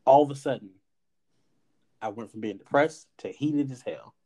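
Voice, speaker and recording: In casual podcast chat, a male host tells a personal story with animated energy, speaking at an ordinary middle pitch and a moderate pace. He acts out the lines people said to him and drops the odd curse word.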